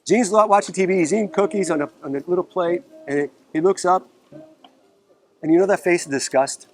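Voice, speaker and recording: A man's voice: high-pitched, a little fast. A man from the Bronx, a musician guest telling stories casually and profanely, acting out the quotes, outdoors in a park. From New York, the Bronx. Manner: animated, profane, acts out quotes. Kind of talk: casual storytelling.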